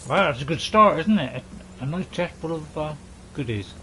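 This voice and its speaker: A man's voice: a little high, animated, normal speed, pushed and bright, a little hiss or hum. A man, a gaming host, giving jokey casual let's-play commentary and bantering with game characters.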